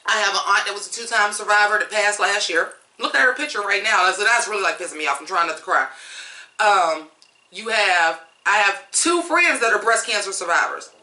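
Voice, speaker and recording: Bright, blunt woman ranting. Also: medium pitch, a little fast, reverberant. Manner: blunt, profane, fired-up. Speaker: music reviewer. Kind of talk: ranting song review.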